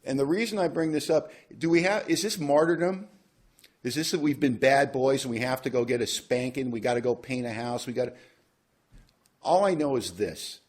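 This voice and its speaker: A man's voice: medium pitch, moderate pace, a little mellow. A man speaking at a recovery workshop, telling a personal story in a wry, self-mocking way. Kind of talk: storytelling talk.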